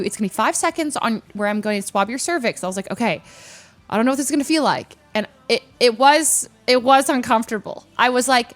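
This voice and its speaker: A young woman telling a story in casual chat, acting out quotes with sudden squeaky high notes. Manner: animated, acts out quotes with sudden squeaky highs. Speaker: streamer.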